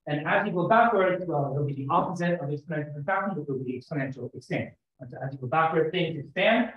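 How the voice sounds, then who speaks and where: A man delivers a mathematics seminar, his voice sitting a little high for a man. He explains step by step and thinks aloud as he works through the ideas. The sound is roomy and somewhat muffled, as if caught in a seminar room. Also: fast. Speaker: lecturer. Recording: echoey lecture room, slightly dull sound.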